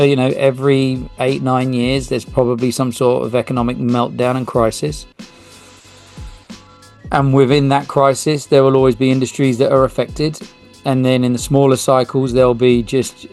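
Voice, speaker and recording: Gravelly-voiced podcast host. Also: male voice, mid-range voice, steady tone, moderate pace, a little mellow, soft background music. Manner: casual, rambling, reads article text aloud with small slips. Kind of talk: solo podcast talk and reading aloud.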